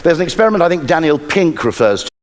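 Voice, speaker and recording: A man's voice: a little high, very animated, fast. A man giving a talk with dry, wry humour. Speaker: speaker. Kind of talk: humorous talk.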